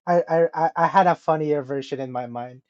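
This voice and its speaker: A man's voice: a little high, fairly quick, darkish tone, highs cut off. A young man co-hosting a podcast, reacting and laughing through casual chat. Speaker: podcast co-host.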